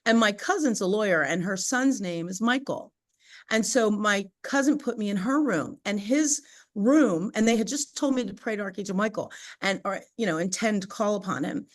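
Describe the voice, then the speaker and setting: Podcast guest, woman, mid-pitched, chatty storyteller who fills her speech with "you know". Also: moderate pace. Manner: animated, chatty, laughs often, many "you know" and "right?" fillers. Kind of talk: personal storytelling in conversation.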